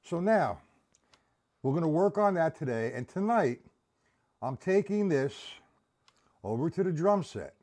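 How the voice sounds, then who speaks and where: A man's voice: fairly high pitch, very animated, a little slow, long pauses, a little mellow. A man teaching a live-streamed drum lesson, counting beats aloud and checking in with viewers.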